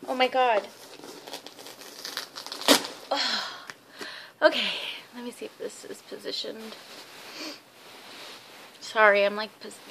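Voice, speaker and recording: A young woman vlogger unboxing a package in a casual vlog, excitable and gushing with lots of fillers, recorded on a phone at home. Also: medium pitch, heavy background noise. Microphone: phone camera.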